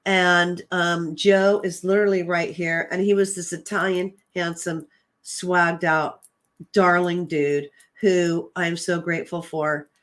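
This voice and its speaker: A woman's voice: lowish voice, level tone, slow pace, fairly bright tone. Chatty woman host telling a personal story. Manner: chatty, retells dialogue with "I'm like" and frequent "um"; earnest and emotional. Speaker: host and psychic medium.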